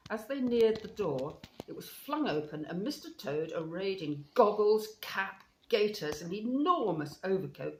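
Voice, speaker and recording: Low-voiced woman reading a storybook aloud. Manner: expressive, measured narration. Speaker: storybook reader. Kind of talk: reading a children's classic aloud. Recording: roomy with faint hiss.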